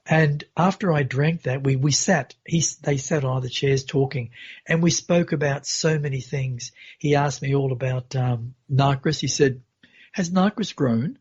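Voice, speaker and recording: A man who is a podcast guest, recounting a personal spiritual experience in an earnest, unhurried way on a dull, lo-fi recording. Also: medium pitch, steady tone, husky.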